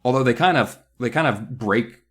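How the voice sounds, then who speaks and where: A man's voice: medium pitch, animated, moderate pace, fairly bright tone, breathy edge. A man co-hosting a casual book podcast, easygoing, with hedging asides. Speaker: podcast co-host.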